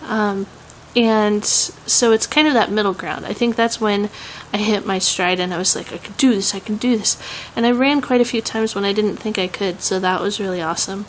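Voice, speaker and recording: A woman's voice: mid-range voice, fairly even intonation, normal speed, few pauses, slight background noise, poor audio. Chatty Southern young woman vlogger. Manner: chatty and rambling, many "um"s and laughs. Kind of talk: casual vlog chat.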